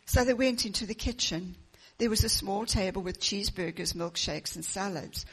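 A woman preaching a sermon, reading a children's story aloud with expressive storytelling. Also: mid-range voice, moderate pace, breathy edge.

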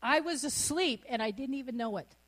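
Brief: middle-aged woman preacher, high voice with wide swings, bubbly and quick to laugh. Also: lively intonation, fairly bright tone. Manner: exuberant, laughs often mid-sermon. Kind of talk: sermon.

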